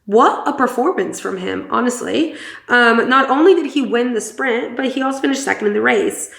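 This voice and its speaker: Gravelly-voiced gossipy woman podcast host. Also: fairly high pitch, animated, normal speed, fairly bright tone. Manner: chatty and gossipy, swears, many fillers. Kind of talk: casual chat. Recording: roomy echo.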